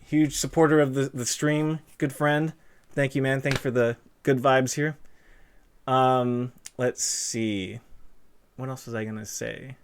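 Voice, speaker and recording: A man's voice: medium pitch, fairly even intonation, a little slow, slight background noise. A man hosting a casual livestream interview, reading chat messages and cracking dad jokes, with a stuffed-up nose. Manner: jokey, self-deprecating, punny.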